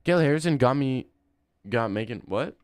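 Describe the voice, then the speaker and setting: A young man livestreaming and chatting casually, reading chat and answering with crude, deadpan banter. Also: medium pitch, moderate pace, clear, resonant tone, dry recording, clean studio sound.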